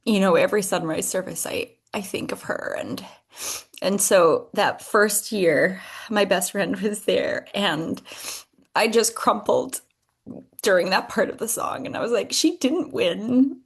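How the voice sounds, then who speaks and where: A woman's voice: mid-range voice, unhurried, vocal fry, breathy edge. Woman hosting her own podcast; reflective, emotional, hesitant delivery with restarts. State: tearful at moments. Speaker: podcast host. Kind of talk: personal reflective monologue.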